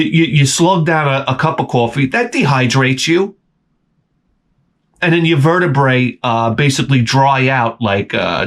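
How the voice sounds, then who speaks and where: A man's voice: mid-range voice, a bit bright. A man in his forties hosting his channel, ranting and grumbling with plenty of swearing as he jumps between complaints. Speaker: channel host. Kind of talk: profane comedic rant.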